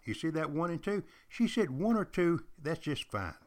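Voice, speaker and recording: A man's voice: fairly high pitch, big pitch swings, normal speed. Emphatic older man telling history. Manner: emphatic, repetitive, addresses listeners directly. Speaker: podcast host. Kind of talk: storytelling history lecture.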